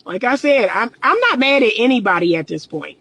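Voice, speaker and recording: A woman's voice: on the high side, sing-song, a little fast, gravelly, fairly bright tone, no room sound, poor audio. Woman, middle-aged, relationship coach, casual livestream chat, candid and emphatic, dry close sound. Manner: candid, emphatic, repeats phrases, laughs often.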